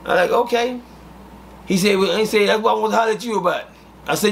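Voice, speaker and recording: High-voiced man telling prison tales. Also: quick pace, creaky. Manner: profane, animated, acts out quoted dialogue. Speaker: interview guest telling prison stories. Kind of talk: casual storytelling.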